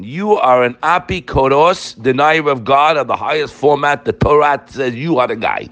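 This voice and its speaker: Animated man giving an emphatic Torah class. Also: mid-range voice, normal speed, few pauses. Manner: animated and emphatic, addressing listeners directly.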